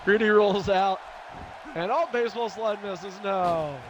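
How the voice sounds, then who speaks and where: Excitable high-voiced man calling wrestling. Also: a little slow, lo-fi sound, a crowd in the background, background noise. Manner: excitable, shouting at big moves, laughing asides. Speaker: play-by-play commentator. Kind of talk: live play-by-play commentary of a video game wrestling match.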